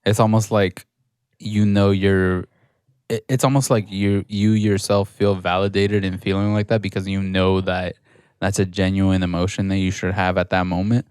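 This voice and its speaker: On a relaxed podcast, this young male co-host speaks in a fairly low register, swears freely, and keeps breaking into brief imitations of the people he mentions. His casual chat comes through a smooth, dry recording that sits close to the mic.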